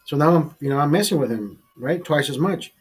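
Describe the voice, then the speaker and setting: A man's voice: fairly high pitch, lively intonation, fairly quick, breathy edge. A man hosting a casual show, telling a rambling, profane story with many restarts and repeated words. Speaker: host.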